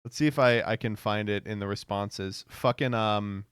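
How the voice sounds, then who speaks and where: A man streaming, reacting to posts in a casual, animated way, laughing often and swearing. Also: lowish voice, moderate pace, clear, resonant tone, no echo.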